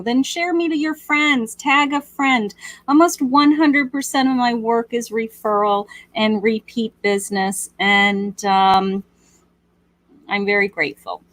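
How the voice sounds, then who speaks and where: A woman hosting a live psychic reading for viewers, speaking gently with endearments and many fillers. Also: high-pitched, no echo. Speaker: psychic medium host.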